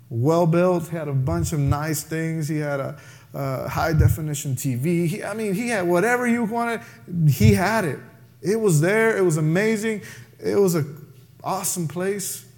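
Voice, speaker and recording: A man preaching a sermon, telling a story with lively acted-out voices. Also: sits high. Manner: animated preaching, acts out voices in his story. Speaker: pastor.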